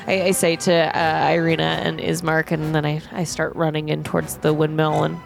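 A woman playing a tabletop game, giggly and excitable. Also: low voice, normal speed, gravelly, soft background music. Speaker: player. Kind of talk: casual tabletop game play.

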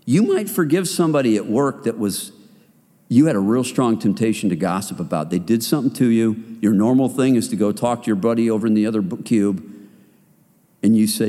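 Lively man preaching in an echoing hall. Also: medium pitch, brisk. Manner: conversational, joking, acts out inner voices. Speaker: men's ministry speaker. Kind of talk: sermon.

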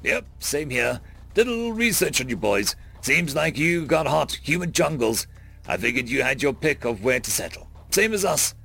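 A man's voice: mid-range voice, normal speed, vocal fry, slightly rough, soft background music, heavily acted. A man voicing a friendly, easygoing human settler who talks in a drawling, homespun way. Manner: drawling, relaxed, homespun phrasing.

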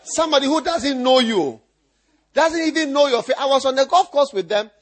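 A man preaching a sermon as pastor, teasing his listeners with repeated lines and breaking into shouts and laughter. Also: very high-pitched, lively intonation, brisk.

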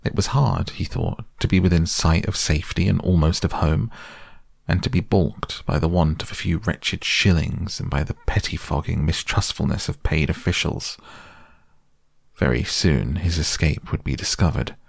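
Male storybook narrator: very low, gravelly, measured and expressive. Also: no echo, clean studio sound.

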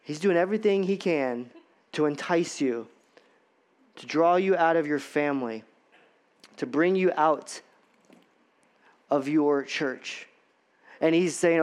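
High-voiced man preaching. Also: measured pace, long pauses, darkish tone. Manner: conversational, repetitive, rhetorical questions. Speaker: pastor. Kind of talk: sermon.

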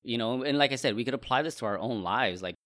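A man's voice: mid-range voice, lively intonation, fast talker, a bit bright, no echo, clean studio sound. A man musing through a casual Bible discussion, thoughtful and prone to restarting his sentences. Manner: reflective, frequent restarts.

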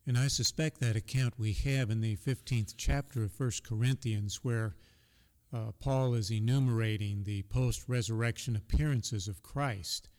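A man's voice: medium pitch, steady tone, moderate pace, long reverb tail. A man co-hosting a conversational Bible discussion, reading scripture aloud and affirming his partner often. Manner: reads scripture aloud, gives frequent soft affirmations. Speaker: Bible study co-host.

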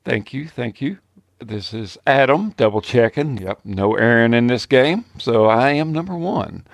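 A man's voice: medium pitch, animated, unhurried, gravelly, no echo, studio quality. A man introducing his character as a player on a tabletop game podcast, rambling and self-deprecating with frequent chuckles. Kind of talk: casual chat.

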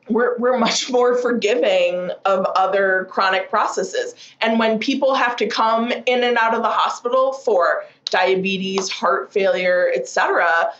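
A woman physician explains addiction in a thoughtful, measured way, using plenty of fillers. Her voice sits at a middle pitch. The recording sounds echoey and a little dull. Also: fairly bright tone. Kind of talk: conversational expert explanation.

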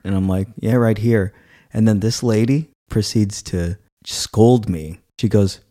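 Animated storytelling man. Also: unhurried. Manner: animated storytelling, acts out quoted people with rising pitch. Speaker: podcast co-host. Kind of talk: casual chat.

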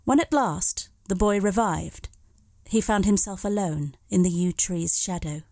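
A woman's voice: medium pitch, a little slow, warm tone, no echo. Woman reading a story, dry recording. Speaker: story reader. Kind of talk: scripted narration.

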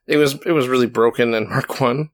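A man co-hosting a relaxed hobby chat, rambling and self-deprecating, with lots of restarts. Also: mid-range voice, brisk. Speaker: podcast co-host. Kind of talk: casual chat.

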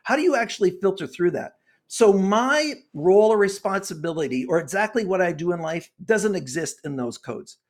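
A man's voice: sits high, lively intonation, moderate pace. A man in his sixties, a guest author and consultant, talking earnestly and getting worked up as he preaches his point in an interview. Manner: impassioned, preachy, gets worked up.

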